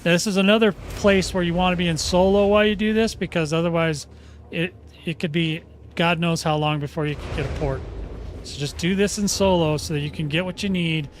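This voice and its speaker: A man's voice: on the high side, steady tone, fairly quick, a little hiss or hum. A man hosting a casual game tutorial, folksy and chatty, often restarting sentences and checking in with "okay?". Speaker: gaming channel host.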